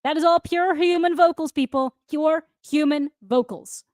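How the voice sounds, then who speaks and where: A woman co-hosting a podcast in casual chat, teasing and quick to laugh. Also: sits high, darkish tone, no echo, studio quality. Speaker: podcast co-host.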